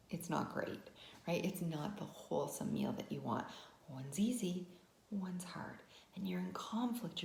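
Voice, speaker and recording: A woman's voice: lowish voice, gravelly, darkish tone, echoey room. A woman vlogger telling a personal story as a lesson, talking conversationally with frequent "right?" asides. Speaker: wellness vlogger.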